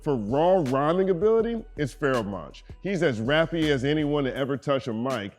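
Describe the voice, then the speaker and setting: Animated male commentary host. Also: a little high, moderate pace, faint music behind. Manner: animated, wry asides. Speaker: host reading viewer comments. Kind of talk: casual commentary.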